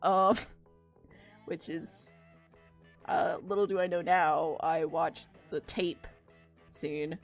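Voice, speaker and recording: A woman's voice: deep voice, very slow, long pauses, soft background music. A woman streaming her drawing, chatting in a rambling, casual way with plenty of swearing. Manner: rambling, profane, animated storytelling. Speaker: streaming artist. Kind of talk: casual chat while drawing.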